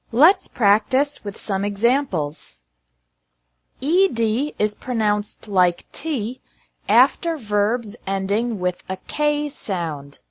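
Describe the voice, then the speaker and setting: A woman teaching English, narrating a lesson slowly and carefully pronouncing each word in lists for learners to repeat. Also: medium pitch, dry recording. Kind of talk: slow, clearly enunciated lesson narration.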